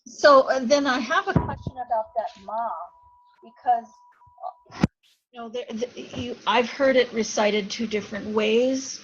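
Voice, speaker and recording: Slow, halting woman student, muffled lo-fi call audio. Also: fairly high pitch, expressive. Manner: hesitant, many restarts. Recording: muffled call with rain noise.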